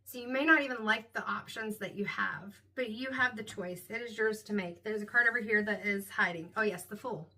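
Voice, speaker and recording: A woman's voice: medium pitch, a little fast, few pauses, pushed and bright. A woman giving a casual, meandering tarot reading, reflective and full of "like" and "um". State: hiccups. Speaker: tarot reader.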